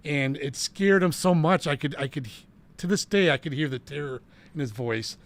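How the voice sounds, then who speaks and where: A middle-aged man with a gravelly voice tells a case story in an earnest, casual way. He restarts often as he goes. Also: on the high side, normal speed. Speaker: paranormal investigator.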